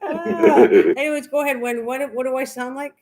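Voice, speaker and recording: French canadian lady teasing her friends on a live chat, somewhat high voice. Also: steady tone, a little fast, darkish tone. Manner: teasing, playful. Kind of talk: casual chat.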